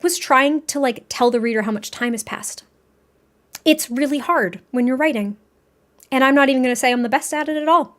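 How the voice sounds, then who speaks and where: A young woman from New England, a streamer and author, chats excitedly and casually on a livestream, reading chat aloud and swearing now and then. Her voice is high-pitched and brisk.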